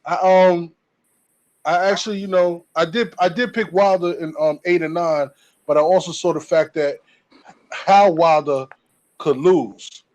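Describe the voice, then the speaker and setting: Man on a call, slightly high voice, halting, lots of fillers. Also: a little mellow, muffled recording. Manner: hesitant, fillers, repeats himself. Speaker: caller giving boxing take. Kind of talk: casual debate chat. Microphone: remote call.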